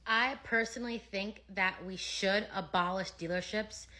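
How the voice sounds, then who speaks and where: Bright assertive woman defending her view. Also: medium pitch, fairly even intonation, moderate pace. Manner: assertive, argumentative. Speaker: car salesperson answering comments. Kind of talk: opinionated social media monologue.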